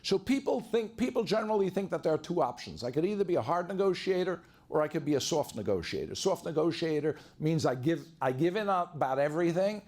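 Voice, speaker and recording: The voice belongs to a man on the high side, with big pitch swings and a darkish tone, talking briskly with hardly any pauses. He is a divorce lawyer running a live seminar, chatty and full of stories, acting out the lines he quotes.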